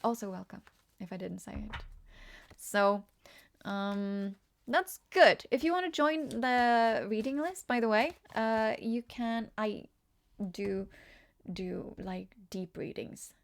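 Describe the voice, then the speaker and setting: Slow and gravelly with a mid-range voice, this tarot reader from Norway speaks with a Norwegian accent. She's chatty during her casual live-stream reading, frequently laughing as she replies to the chat.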